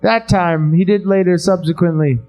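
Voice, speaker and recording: A man's voice: sits high, steady tone, lo-fi sound, soft background music. Man putting on a rambling grieving mother gazelle. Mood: mournful. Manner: halting, meandering. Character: grieving female gazelle giving a rambling eulogy.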